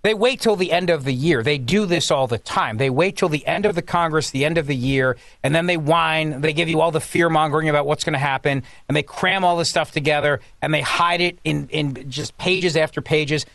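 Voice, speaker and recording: A man's voice: a little high, brisk, hardly any pauses, fairly bright tone, dry recording. A man filling in as a talk radio host, delivering a sarcastic, mocking political monologue.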